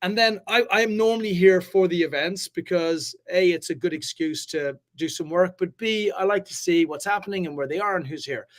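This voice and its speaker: A man hosting a live business talk, hyped and fast-flowing, swearing casually and swinging between loud and quiet. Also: sits high. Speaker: host. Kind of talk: energetic live-stream chat.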